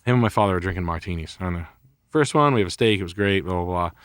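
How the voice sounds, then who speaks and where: A man's voice: low-pitched, animated, fast talker, clear, resonant tone, dry recording, clean studio sound. A man telling a rambling, profane story in a casual podcast chat. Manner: rambling and profane, heavy swearing. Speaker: podcast co-host.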